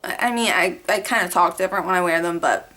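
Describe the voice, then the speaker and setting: Young woman rambling to her camera, bright tone, animated, lots of likes. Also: lowish voice, quick pace. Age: young adult. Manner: chatty, animated, many "like" fillers. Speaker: vlogger. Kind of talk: casual storytelling to camera.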